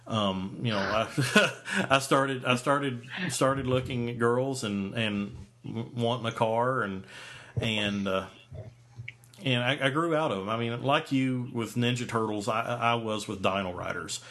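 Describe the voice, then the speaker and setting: A man's voice: medium pitch, measured pace, a bit bright. A man in his forties, a podcast host, telling a story in casual chat, rambling with many fillers and restarts. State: hiccups.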